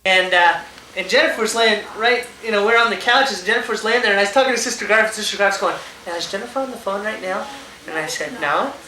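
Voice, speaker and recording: Young man, higher voice, lively storyteller who laughs often, recorded on a home camcorder in an echoey room with loud hiss. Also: fast talker. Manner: animated, laughing while he tells stories. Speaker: engaged man telling stories. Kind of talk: casual storytelling among friends.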